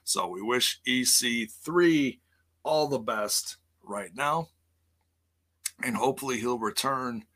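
A man chatting through wrestling news on a live stream, taking his time with an unhurried pace. His voice has a bright, forceful edge, and he rambles with plenty of "uh"s and "you know"s, correcting himself as he goes and dropping jokey asides. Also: medium pitch. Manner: rambling, many fillers and self-corrections, jokey. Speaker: wrestling news show host.

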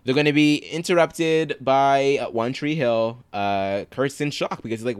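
A man co-hosting a podcast, recapping scenes in casual chat and quoting characters in quick, animated paraphrase. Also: medium pitch, clean tone, no echo. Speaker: podcast co-host.

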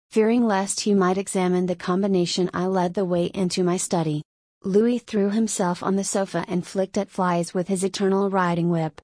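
A woman reads a gothic tale as an audiobook narrator, measured and dramatic. Her voice sits at an ordinary pitch. The recording is close and dry. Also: a little mellow, no room sound.

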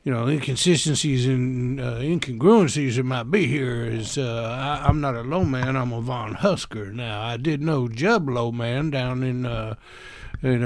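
A man's voice: mid-range voice, no echo, natural voice. A man playing a folksy, rambling coffin maker with a Southern accent in a tabletop game.

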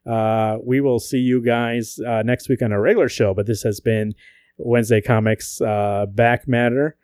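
In a clean recording with no echo, a male podcast co-host talks at a moderate pace in a mid-range voice. His casual chat is full of profane jokes and lively storytelling.

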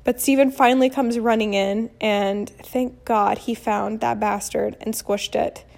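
A woman in her thirties telling a story casually as a vlogger, animated and blunt, acting out what people said. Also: fairly high pitch, measured pace, gravelly. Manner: animated, acts out quotes, blunt with mild swearing. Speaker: vlogger and mother.

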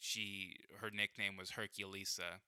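A man's voice: deep voice, flat delivery, measured pace, pushed and bright, clear, resonant tone, no room sound, clean studio sound. A young man telling a personal story in casual chat, rambling, full of fillers and swearing.

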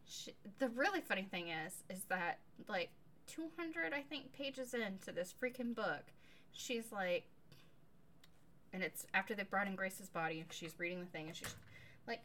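A woman co-hosting a casual book-review podcast, recapping a novel in an animated, sarcastic way and swearing casually. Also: mid-range voice, moderate pace, a little hiss or hum. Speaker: podcast co-host.

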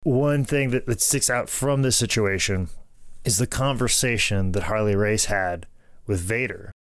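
A man co-hosting a podcast, telling stories in casual chat and quoting others in low put-on voices. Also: a little slow, dry recording. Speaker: podcast co-host.

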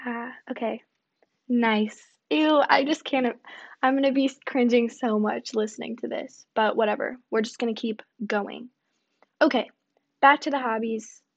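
A young woman talks through her solo podcast in a loose, rambling way, full of fillers and little self-deprecating asides. Her voice sits a bit high for a woman. The home recording sounds dull and lo-fi. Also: normal speed. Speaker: podcast host. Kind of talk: casual solo podcast chat.

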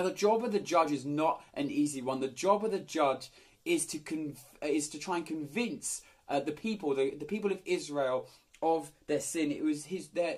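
A man reads a passage of Scripture and then talks it through in an easy, chatty sermon, his voice sitting a little high. He speaks plainly, with the odd filler and restart. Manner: relaxed, conversational, with fillers. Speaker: preacher. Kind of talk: Bible reading and casual sermon.

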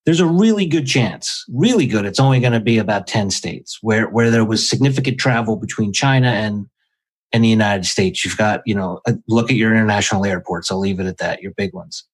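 A man's voice: on the low side, a little fast, husky, low-quality recording. A man, a podcast guest, explaining his views emphatically in casual chat.

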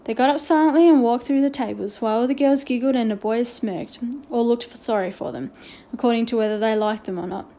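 Woman narrator, storybook reading, mellow tone, slightly high voice, expressive. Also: a little fast, few pauses. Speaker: audiobook reader.

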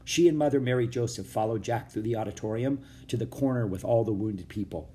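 Guy reading a kids' chapter book, steady storytelling. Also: fairly low pitch, fairly quick. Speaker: narrator. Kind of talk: audiobook narration.

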